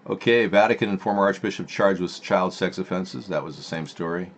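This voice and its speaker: Low-voiced male streamer, chatty, reading news aloud. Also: brisk. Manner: muttering asides while reading headlines. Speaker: live stream host. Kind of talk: casual live stream commentary.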